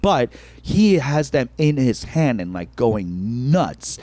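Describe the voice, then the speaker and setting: A man co-hosting a comedy podcast, spinning a backstage story with lots of laughter and loose profanity. His pitch swings widely from low asides to high bursts. The sound is close and dry, with no room around it. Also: takes it slowly, no echo. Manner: animated, laughs often, swears freely. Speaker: podcast co-host, stand-up comedian.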